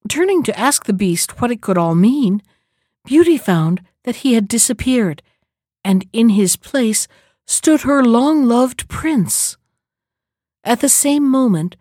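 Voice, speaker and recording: A woman calmly reading a fairy tale aloud in a measured storybook manner. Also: a little high, no echo, studio quality.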